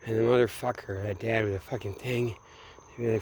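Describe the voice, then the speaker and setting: A man's voice: on the low side, fairly even intonation, moderate pace, slight background noise. A man from Minneapolis in a meandering, late-night solo monologue, swearing freely and often trailing off mid-thought. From Minneapolis, USA. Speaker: vlogger.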